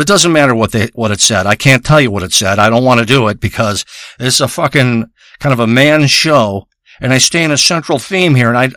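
A man's voice: mid-range voice, bright, forceful tone, no echo, studio quality. A man delivering a crude, paranoid comedy rant in a rambling monologue.

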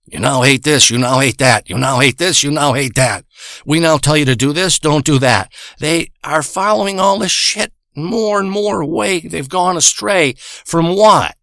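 A man's voice: on the high side, fairly bright tone, no echo, clean studio sound. A man in a crude comedic rant, profane, boastful and rambling, stretching out words for emphasis.

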